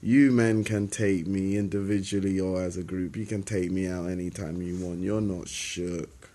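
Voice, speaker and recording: A man's voice: low-pitched, level tone, moderate pace, mellow. A young man delivering a sarcastic, confrontational spoken-word monologue straight at his listeners. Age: young adult. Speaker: rapper.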